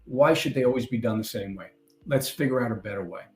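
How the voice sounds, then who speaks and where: An older man with a New York accent is giving a conference presentation from a stage. He talks in a loose, conversational way, tossing in small jokes and asides, at a middle pitch. His voice rings out in a roomy hall. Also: fast. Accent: New York (Long Island). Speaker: conference speaker. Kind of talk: presentation talk.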